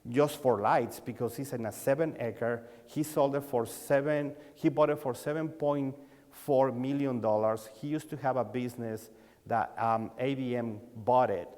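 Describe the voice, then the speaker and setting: A man's voice: mid-range voice, moderate pace. Mexican-accented man telling stories in a hall. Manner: animated storyteller, acts out dialogue, non-native grammar. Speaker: sales coach speaking at a dealer conference. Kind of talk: conference talk, storytelling. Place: large conference hall. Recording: long reverb of a large hall.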